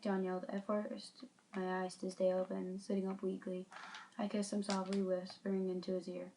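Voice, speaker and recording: A woman reads her own short story aloud into a phone, earnest and a bit halting, stumbling and correcting herself now and then. Her voice sits at a middle pitch. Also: completely flat delivery, gravelly, a little mellow, a little hiss or hum. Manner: earnest, halting reading with small slips. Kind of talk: reading a self-written story aloud. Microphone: phone mic.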